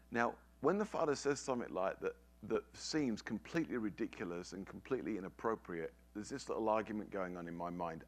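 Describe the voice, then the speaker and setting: A man's voice: mid-range voice, animated, moderate pace. A middle-aged man preaching a sermon, telling a family story with emphatic, repeated phrases.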